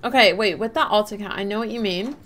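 A woman's voice: medium pitch, fast talker, fairly bright tone. A woman live-streaming a game, chatting casually, rambling and reading out and answering her chat. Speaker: livestreamer.

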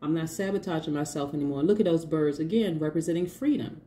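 A woman's voice: low voice, fast talker, dark tone, a little hiss or hum. A woman giving a casual tarot reading, chatty and emphatic, repeating her points and laughing often. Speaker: tarot reader.

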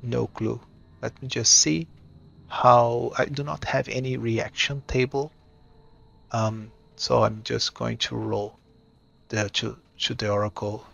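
A man narrating a solo tabletop game and thinking aloud as he rolls dice, hesitant and unhurried. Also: medium pitch, steady tone, vocal fry, fairly bright tone.

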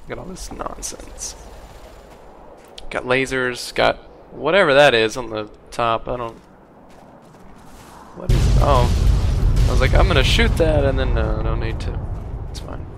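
A man talks through his gameplay in a loose, wry, rambling way. Gunfire and game noise crackle clearly behind his voice, and his pitch sits mid-range. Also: measured pace, long pauses. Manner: wry, rambling, puts on silly voices for enemies. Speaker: gameplay commentator. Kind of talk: casual let's play commentary. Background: gunfire and game sounds.

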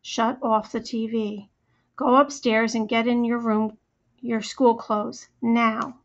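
Woman doing a stern, low-voiced mother. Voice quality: low, firm danger tone. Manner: curt, measured commands. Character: stern middle-aged mother, angry and clipped. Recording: slightly muffled recording.

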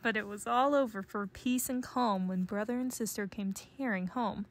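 A woman narrating a children's picture book read-aloud in a gentle, measured storytelling voice. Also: mid-range voice. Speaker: storybook reader.

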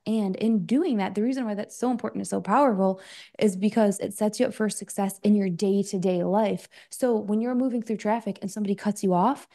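A woman's voice: medium pitch, mellow. A woman coach speaking as an interview guest, talking in a loose, chatty way with lots of fillers and little acted-out asides of her own thoughts. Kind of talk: casual interview talk.

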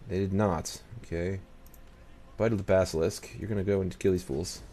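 A man's voice: sits low, steady tone, normal speed, warm tone. A man giving casual let's-play commentary as he plays, muttering to himself, talking back to the game's nations and swearing now and then. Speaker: gaming channel host.

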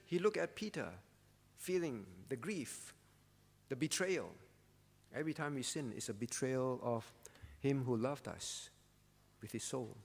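An earnest man preaching as pastor, pleading with his listeners and often dropping to a hushed tone. His voice sits fairly high. A long reverb from the church space trails each phrase. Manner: earnest, pleading preaching that drops to soft tones. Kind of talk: sermon.

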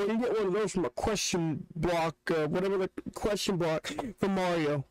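A man's voice: high voice, moderate pace, poor audio. A young man hosting a reaction video, joking and ranting in casual, rambling commentary. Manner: joking, rants with restarts.

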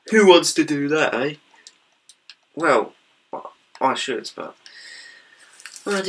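A man's voice: medium pitch, bright, forceful tone. A young British man chatting casually over his gameplay, rambling and apologizing in a self-deprecating way. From Britain. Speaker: gaming YouTuber. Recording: distant mic with faint background noise.

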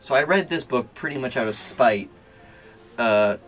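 A man from Minnesota, co-hosting a casual book podcast, animated and joking and swearing freely. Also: medium pitch, a little slow, faint music behind. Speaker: podcast co-host, bookseller. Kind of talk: casual chat.

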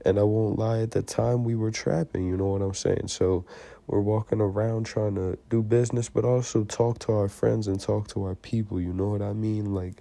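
A young man tells a personal story straight to his listeners in a casual storytime monologue. His voice sits low and dark, with a relaxed, mellow tone. The room sounds dry and close, and he gets heated when he acts out the shouting. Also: normal speed, creaky, no echo. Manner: slangy, heated retelling with acted-out shouted quotes.

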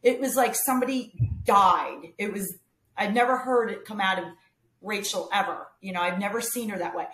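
A woman telling a family story in a casual, animated way, quoting herself and others as she goes. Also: mid-range voice, normal speed, slight background noise. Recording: roomy echo.

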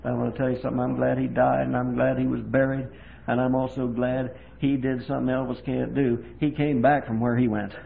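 A man preaching a sermon in a folksy storytelling way, moving from quiet chat to loud, fervent preaching. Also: medium pitch, level tone, fairly quick, creaky. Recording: tinny lo-fi tape with faint hiss.

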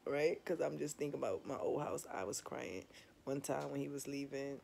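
A woman's voice: extremely low pitch, normal speed, creaky, a little mellow, a little hiss or hum. Young woman vlogger: open, emphatic, profane, keeps checking in with the audience. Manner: candid, emphatic, swears freely, keeps asking "you understand?". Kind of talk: casual confessional chat to viewers.

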